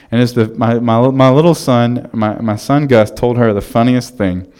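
This sermon comes from a thirty-something male pastor who tells his stories casually, like a conversation, with plenty of restarts. He speaks at a moderate pace in a mid-range voice with a clean tone.

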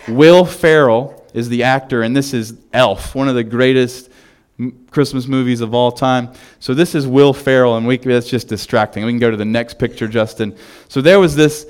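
A man's voice: medium pitch, clean tone. Man preaching a casual, storytelling sermon. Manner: casual storytelling with fillers, animated retelling. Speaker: pastor. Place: church.

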